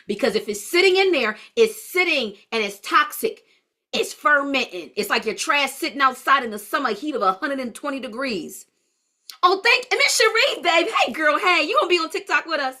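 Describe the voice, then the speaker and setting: A woman's voice: high-pitched, expressive, a little fast, pushed and bright. A woman leading a live-streamed holistic health class, chatty and blunt, answering viewer comments as she goes.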